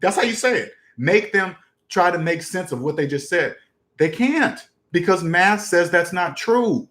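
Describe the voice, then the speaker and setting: Fired-up guy explaining money stuff, kinda high voice, lots of rhetorical questions, roomy echo. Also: expressive, measured pace, fairly bright tone. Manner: emphatic, repeats catchphrases, asks rhetorical questions. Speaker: personal finance channel host. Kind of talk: casual direct-to-camera talk.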